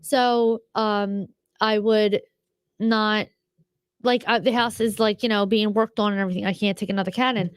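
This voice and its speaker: A woman co-hosting a podcast, telling stories in casual chat with lots of swearing and animated asides. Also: medium pitch, moderate pace, clear, resonant tone, no room sound, studio quality. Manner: profane, animated storytelling. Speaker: podcast co-host.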